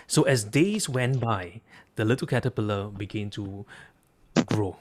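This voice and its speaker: A man's voice: on the low side, unhurried. A man, a coach, telling a story and drawing lessons from it with emphatic repeated phrases. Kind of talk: storytelling talk.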